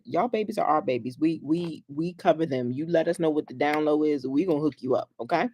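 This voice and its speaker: A woman's voice: low-pitched, brisk, hardly any pauses, a little hiss or hum. A young woman school counselor, chatting casually with families, telling playful stories and laughing often. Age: young adult. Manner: animated storyteller, laughs often, playful slang. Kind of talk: casual livestream chat with families.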